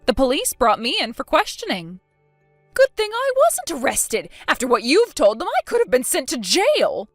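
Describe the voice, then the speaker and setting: A woman reads a scheming elderly grandmother in a texting story. She sounds indignant and self-pitying, always defending herself. The voice sits a bit high with lively swings, dry and close, over faint music. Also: normal speed, no room sound.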